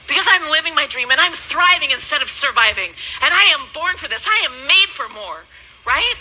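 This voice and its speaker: A woman in her thirties, a business coach, giving an emphatic motivational speech that swings between loud and hushed. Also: high-pitched, very animated, brisk, a little hiss or hum, low-quality recording.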